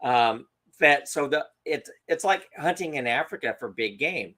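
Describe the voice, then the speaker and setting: Animated male storyteller, higher voice. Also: measured pace. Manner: animated, acts out quotes. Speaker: podcast co-host. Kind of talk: casual storytelling.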